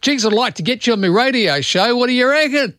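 A man's voice: very high-pitched, lively intonation, fast, fairly bright tone, dry recording, studio quality, pitched above the performer's own voice. A man hamming up a brash broad-Australian outback bloke. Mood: hearty. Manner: brash, drawling, sprinkled with slang.

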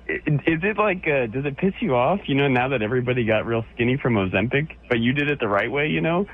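Joking caller on a tinny phone line. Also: male voice, mid-range voice, animated, brisk. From Orange County, California. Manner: ribbing, laughing, rambling. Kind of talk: joking call-in banter.

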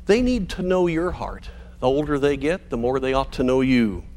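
A pastor delivering a sermon to parents in an earnest, measured way, slowing down on key phrases for emphasis. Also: male voice, medium pitch, animated, a little mellow.

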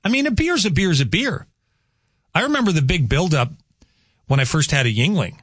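A man's voice: a little high, big pitch swings, normal speed, a bit bright, no echo. A man hosting casual morning radio, rambling through weather and chatty asides in a studio. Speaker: radio host. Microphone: studio microphone.

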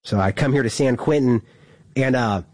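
A man telling a story in a casual, animated way, full of fillers and quick laughs. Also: mid-range voice, no room sound.

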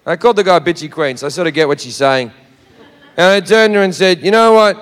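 A man's voice: on the high side, animated, fast talker, a bit bright. An Australian man telling a profane stand-up story, brash and swearing freely, recorded live in a reverberant hall. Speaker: stand-up comedian.

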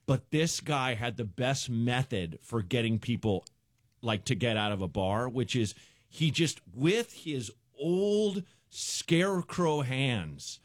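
A man telling a rambling anecdote as a radio guest, jumping into the voices of the people in it. His pitch swings widely from low to high. The studio mic is close and dry, with no room sound. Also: slow, no room sound. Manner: rambling, animated storyteller who acts out characters. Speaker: stand-up comedian guest. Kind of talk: telling a story on a radio show.

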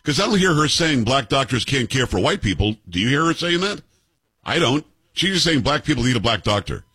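A man's voice: medium pitch, very animated, a little fast, pushed and bright, husky, no echo. A man in his fifties hosting a commentary show, arguing with clips in a combative, sarcastic way and firing off rhetorical questions. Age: 50s.

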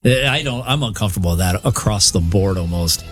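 A man's voice: fairly low pitch, animated, brisk, faint music behind. A man co-hosting a radio show, telling a story in an earnest, casual way and stumbling over his words. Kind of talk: casual on-air banter.

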